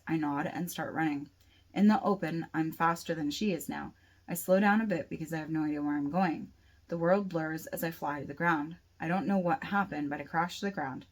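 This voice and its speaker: Woman narrator, author reading her novel, low-set voice, steady first-person audiobook read. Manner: steady reading with occasional restarts.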